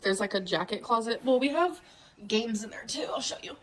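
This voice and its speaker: She talks quickly and with animation in a fairly high voice, stuffed up from a cold as she cooks at home for her vlog. Giggly and chatty, she addresses viewers directly, and the recording quality is low.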